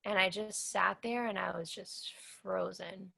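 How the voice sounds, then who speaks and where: Earnest woman with a gravelly, bright voice. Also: medium pitch, steady tone, measured pace. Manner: earnest, emphatic storytelling with repeated phrases. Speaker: cancer survivor guest. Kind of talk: personal testimony interview.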